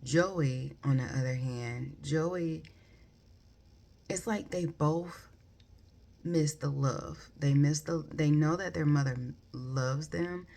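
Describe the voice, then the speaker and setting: A woman's voice: deep voice, takes it slowly, creaky, mellow. A woman giving a casual, rambling book review full of ums and likes. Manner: rambling, many ums and likes, self-correcting.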